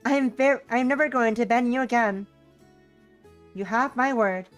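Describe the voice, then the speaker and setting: A woman's voice: a little high, moderate pace, faint music behind, voice pushed up, lightly acted. A woman voicing Elizabeth, a devoted young woman who speaks in an earnest, old-fashioned formal way in a visual novel. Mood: earnest, defiant.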